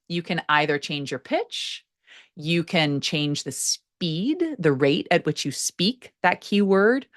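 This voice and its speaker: A woman with a low-pitched voice teaches public speaking, talking straight to her viewers. Her delivery swings widely in pitch, leaning hard on the key words of each sentence. She sounds like a coach walking a learner through a lesson. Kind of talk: instructional talk to camera.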